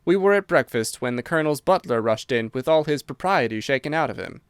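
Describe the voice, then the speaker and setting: Man with a clear, smooth voice narrating. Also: on the high side, animated, fairly quick, no echo, studio quality. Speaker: audiobook narrator. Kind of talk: scripted narration.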